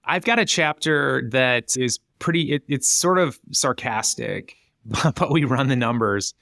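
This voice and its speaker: Animated man on a dry close mic. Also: a little slow, vocal fry, dry recording. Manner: animated, jumps up in pitch acting out quoted voices. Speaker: guest author. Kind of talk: casual podcast conversation.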